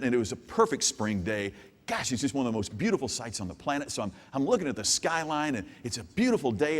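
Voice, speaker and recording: A man giving a live keynote speech, telling a story and swinging from hushed asides to loud outbursts. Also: medium pitch, slightly rough. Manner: animated storyteller with big swings from hushed to shouting. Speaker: keynote business speaker. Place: large hall with an audience. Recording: long hall reverb.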